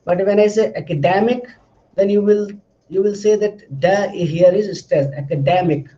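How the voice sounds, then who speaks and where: A man with a fairly high yet mellow voice explains in a steady lecturing tone and often pauses on "uh" while repeating phrases. The recording is dull and lo-fi, like a plain classroom capture.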